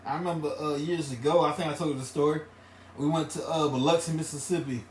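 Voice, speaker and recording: A man's voice: on the high side, steady tone, fast, far from the mic. A man, co-hosting a casual podcast, rambling through stories and repeating his phrases. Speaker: podcast co-host. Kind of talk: casual chat. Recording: echoey room with faint noise.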